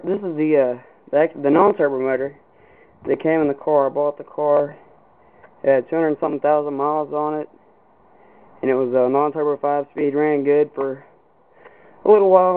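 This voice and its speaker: A man's voice: a little high, smooth. A young man from Kentucky, speaking, giving a casual, rambling walkthrough of his car project outdoors in the cold, with many fillers and restarts. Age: young adult. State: out of breath. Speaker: car hobbyist. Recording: tinny lo-fi camera audio with hiss.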